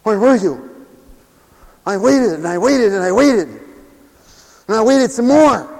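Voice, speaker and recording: A man voicing a clingy, anxious friend who nags with rapid questions, in a hall with long reverb. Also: sits high, lively intonation, full character voice. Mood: nagging worried.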